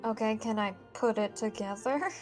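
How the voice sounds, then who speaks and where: A woman playing a tabletop game, quick and joking in casual play. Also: fairly high pitch, soft background music. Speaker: player.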